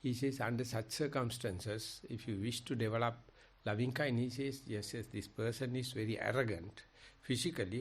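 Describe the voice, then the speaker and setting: An older man, a Buddhist monk with a Sri Lankan accent, teaching in a discussion and telling animated stories. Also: mid-range voice, moderate pace, breathy edge. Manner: animated storytelling, quoting others. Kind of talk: dhamma discussion.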